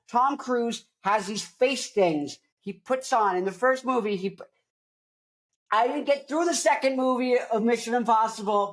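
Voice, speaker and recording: A woman podcast host telling a rambling, absurd comic story, often stopping to correct herself and drift onto side points. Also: fairly high pitch. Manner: tangential, self-correcting, jokey absurd riffing.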